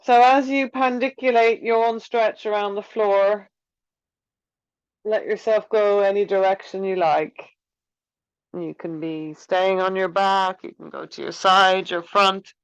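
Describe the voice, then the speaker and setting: Woman yoga teacher, calm unhurried guidance, dry close sound, a touch muffled. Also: mid-range voice, clean tone, no room sound. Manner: gentle, unhurried guiding. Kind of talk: guided movement class. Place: room with wooden floor.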